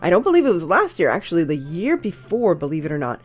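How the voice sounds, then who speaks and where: A woman's voice: on the low side, very animated, quick pace, faint music behind. A woman hosting a home crafting tutorial, narrating her project in a cheerful, gushing, chatty way with small fillers. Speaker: crafting channel host.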